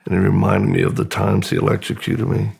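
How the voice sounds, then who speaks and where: A middle-aged American man, a podcast guest, slowly and haltingly recounting a painful memory in a subdued, gravelly voice. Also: lowish voice, level tone, darkish tone. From United States. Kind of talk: personal storytelling in interview.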